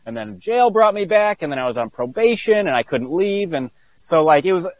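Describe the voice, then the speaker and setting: A man as an interview guest, telling a personal story earnestly, halting with many restarts and fillers. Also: high voice, animated, gravelly, no echo, low-quality recording.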